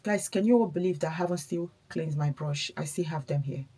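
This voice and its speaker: A woman's voice: low-pitched, fairly quick, warm tone, slightly rough. A woman chatting casually while doing her makeup, a mother talking in a reflective, encouraging way. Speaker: beauty vlogger, mother.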